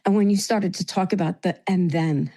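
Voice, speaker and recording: Heartfelt New woman, mellow voice. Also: fairly low pitch, steady tone, normal speed. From New York. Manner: heartfelt, tearful at times, grateful. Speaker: meeting participant. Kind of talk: emotional sharing in a recovery meeting.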